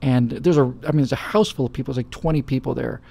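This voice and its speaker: Gravelly, husky male talk host. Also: mid-range voice, quick pace, dark tone. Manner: rambling and anecdotal with frequent fillers. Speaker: live show host. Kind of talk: casual storytelling chat.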